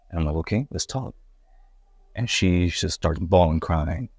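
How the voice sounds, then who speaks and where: A man's voice: low-pitched, normal speed, no room sound, studio quality. A young man from Puerto Rico, a guest hip-hop artist, tells his life story in a candid, rambling way with many restarts. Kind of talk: casual interview storytelling.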